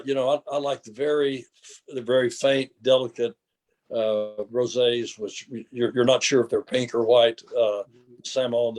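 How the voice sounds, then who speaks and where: An older man, hoarse today, describing a wine slowly with many pauses and fillers. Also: medium pitch, darkish tone. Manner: slow, hesitant, with frequent filler sounds. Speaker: winery founder.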